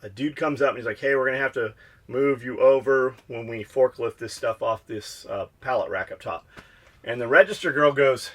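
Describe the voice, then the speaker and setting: A man from the United States tells a story on his podcast in casual, swear-filled chat. He gets animated and acts out both sides of each exchange. His pitch sits in the ordinary middle range for a man. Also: moderate pace. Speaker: podcast co-host.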